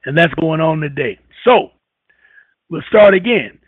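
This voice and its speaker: A man hosting a radio talk show, rambling and halting as he repeats words while searching for them. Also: fairly high pitch, expressive, husky, no echo. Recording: tinny phone-like radio audio.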